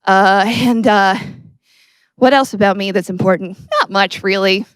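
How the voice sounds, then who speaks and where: A woman doing a musical comedy set with deadpan, self-mocking asides as she introduces her songs. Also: medium pitch, measured pace, clear, resonant tone, dry recording. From Canada. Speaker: comedy singer. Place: stage filmed without audience. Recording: with guitar music behind. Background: acoustic guitar.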